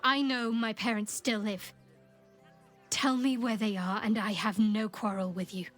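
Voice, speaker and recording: Actress as determined young game cleric, firm. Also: female voice, mid-range voice, fairly even intonation, unhurried, fairly bright tone, soft background music, lightly acted. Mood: resolute. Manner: firm, resolute.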